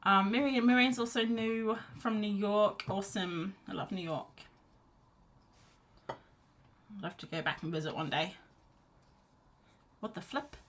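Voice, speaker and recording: An art streamer with a mid-range voice chats casually on a live stream while painting at home, wrapped in a blanket on her sofa. She speaks at a measured pace with frequent pauses, rambling, reading out chat messages and encouraging herself, while quiet music plays in the background.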